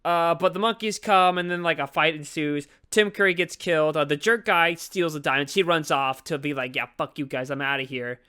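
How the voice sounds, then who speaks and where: A man's voice: fairly high pitch, normal speed, few pauses, bright, forceful tone, smooth. A man co-hosting a podcast, casually recapping a movie plot in a rambling way, full of fillers and acted-out quotes. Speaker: podcast co-host.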